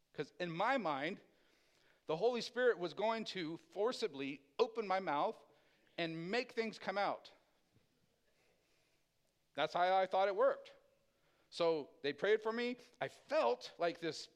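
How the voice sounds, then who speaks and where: Casual storytelling pastor, man, higher voice. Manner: casual, animated storyteller acting out quoted voices. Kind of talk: sermon testimony storytelling.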